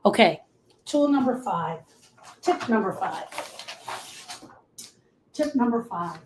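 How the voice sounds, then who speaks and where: A woman's voice: medium pitch, lively intonation, slow, a little hiss or hum, rough recording. A woman grief coach talking listeners through coping tools, repeating key phrases for emphasis. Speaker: grief coach and podcast host. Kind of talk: coaching talk to camera.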